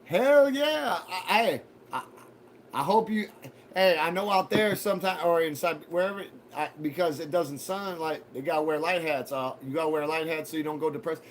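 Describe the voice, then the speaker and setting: Hosting a casual live stream, a man rambles to his viewers with profane, mock-threatening banter. His pitch is fairly high and his pace fairly quick, over slight background noise.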